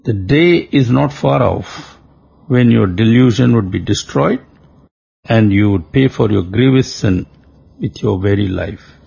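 A man voicing a dignified captive princess who speaks slowly and sternly. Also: lowish voice, creaky, warm tone, slightly rough, lo-fi sound, exaggerated voice. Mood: defiant. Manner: slow, measured, stern.

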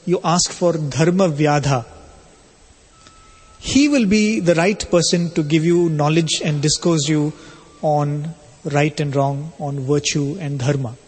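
A man voicing a calm, virtuous housewife who speaks gently and with composure. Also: a little high, slow pace, husky. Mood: instructive. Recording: long hall reverb.

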